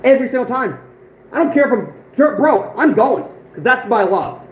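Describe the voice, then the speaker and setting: A man in his twenties hosting an outdoors livestream, telling stories with a voice that is going hoarse, animated and emphatic, repeating phrases for punch. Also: very high-pitched, moderate pace, roomy sound, lo-fi sound, slight background noise. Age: 20s. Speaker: outdoors channel host. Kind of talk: livestream storytelling.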